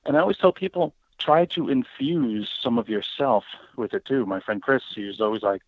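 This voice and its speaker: A man's voice: medium pitch, normal speed, hardly any pauses, no room sound. A man speaking as a guest on an interview show, talking casually and animatedly and often acting out what other people say. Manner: animated, acts out quoted voices. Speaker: guest, paranormal educator. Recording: tinny phone line, dry.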